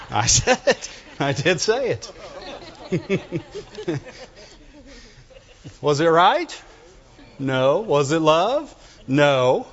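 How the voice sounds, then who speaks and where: A middle-aged male pastor preaching a sermon, animated and joking, often asking the congregation for amens. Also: a little high, husky. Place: church. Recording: dull sound with long hall reverb.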